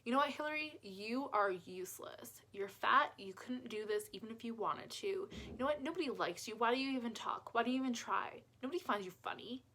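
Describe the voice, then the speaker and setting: A scornful imagined critic speaks in a hushed, partly whispered voice, put on by a woman. The tone stays bright and edged even when quiet. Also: a little high, fast, hardly any pauses, a little hiss or hum. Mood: cutting, scornful.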